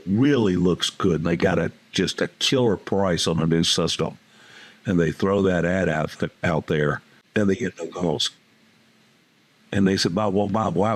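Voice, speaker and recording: A man with a low, husky voice speaks as a business coach in a relaxed interview. He is plainspoken and folksy and tells stories from his client calls. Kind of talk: casual interview talk.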